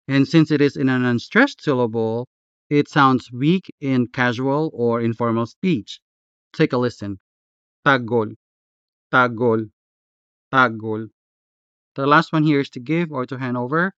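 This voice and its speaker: Slow, patient male language tutor. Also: mid-range voice, clear, resonant tone, dry recording, muffled recording. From Philippines (Western Visayas). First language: Hiligaynon. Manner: measured, patient, repeats words slowly. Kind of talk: slow, careful language lesson.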